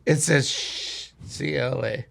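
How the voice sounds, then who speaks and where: Gravelly, bright-voiced rowdy man. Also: medium pitch, steady tone, takes it slowly. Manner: rowdy, swears a lot, laughs often. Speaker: podcast guest. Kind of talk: casual storytelling.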